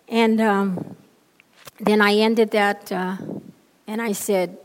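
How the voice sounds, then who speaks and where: A woman's voice: medium pitch, steady tone, slow, pauses often. A woman at a handheld microphone tells a heartfelt story as part of a church lesson. She talks unhurriedly and in an emphatic way, circling back over her key phrases. Her voice carries a long reverb off the large room. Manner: emphatic, repeats phrases for effect. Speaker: lay speaker giving a church lesson. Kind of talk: heartfelt sermon-style storytelling.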